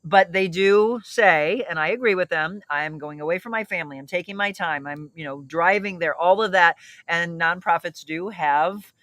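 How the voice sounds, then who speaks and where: A woman's voice: lowish voice, moderate pace, a bit bright, no room sound. A middle-aged woman hosting a casual livestream, chatting upbeat and reading out viewer comments. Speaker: livestream host.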